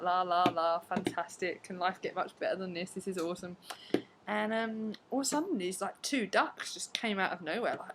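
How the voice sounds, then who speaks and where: A woman's voice: fairly low pitch, heavy background noise. Chatty young woman vlogging at home. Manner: chatty, frequent fillers, acts out her reactions. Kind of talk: casual storytelling to camera. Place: at home, indoors.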